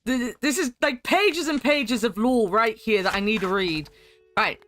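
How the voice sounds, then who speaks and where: A woman's voice: on the high side, measured pace, a bit bright, no echo. A woman streaming a game, chatting with viewers, laughing and reading chat aloud. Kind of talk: casual chat while playing a game.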